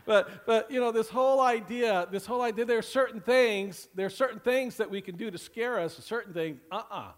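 Rambling pastor, somewhat high voice. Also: male voice. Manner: rambling, repeats phrases, many "you know" fillers; slows and drops low for scripture readings. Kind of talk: sermon. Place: church with several campuses.

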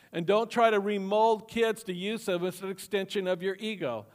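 Guy with a fairly high voice preaching, chatty, throws questions at the crowd, repeats his main points. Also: steady tone, moderate pace, few pauses. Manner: conversational preaching with jokes and questions to the congregation; repeats key phrases for emphasis. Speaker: pastor. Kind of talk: sermon.

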